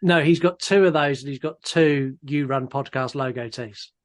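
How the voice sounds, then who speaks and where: A man's voice: mid-range voice, normal speed. A man co-hosting a casual podcast, laughing easily and reading out listener messages. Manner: laughing, restarts often, reads out listener messages. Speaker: podcast co-host.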